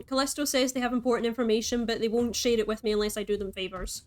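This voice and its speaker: A woman's voice: on the high side, steady tone, quick pace, hardly any pauses, soft background music. A woman reading a story game aloud as a streamer, breaking in with playful, chatty asides.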